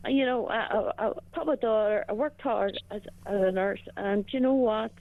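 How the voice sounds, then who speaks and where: Northern irish woman caller, hesitant, gravelly voice, phone-line sound. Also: medium pitch. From Northern Ireland. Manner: hesitant, halting. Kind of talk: casual phone-in chat.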